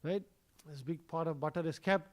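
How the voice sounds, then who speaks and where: A man gives a scripture class at a temple. He tells the story conversationally, often pausing on a "you know" or an "uh". His voice rises and falls as the story builds. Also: fairly high pitch. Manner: storytelling, conversational with many fillers. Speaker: temple speaker. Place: temple hall.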